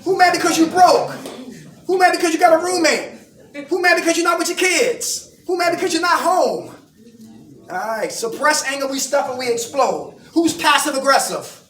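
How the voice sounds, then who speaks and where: High, lively man preaching to a room. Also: normal speed. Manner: animated call-and-response, teasing questions to the audience. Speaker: recovery group speaker. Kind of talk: preaching-style recovery talk. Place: indoor meeting room with an audience. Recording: echoey room, voice from far off.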